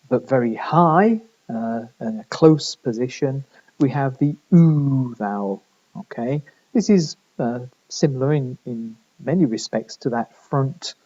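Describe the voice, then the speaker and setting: A man's voice: medium pitch, a little mellow, highs cut off. A man from the middle of England with a northern English accent, giving a recorded lecture with many fillers and restarts. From Midlands of England. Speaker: linguistics lecturer.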